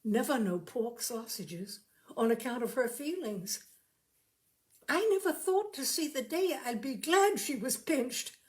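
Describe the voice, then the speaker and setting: A woman voicing a rough-spoken working man, a grieving husband who talks plainly and with feeling in a storybook reading. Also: on the high side, lively intonation, unhurried. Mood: contented. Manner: plain-spoken, emotional, colloquial.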